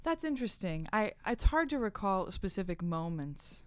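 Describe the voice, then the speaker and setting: A middle-aged actress, a guest in a podcast interview, telling animated, self-deprecating stories from the stage. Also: female voice, mid-range voice, moderate pace, clean tone, dry recording. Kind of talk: conversational interview.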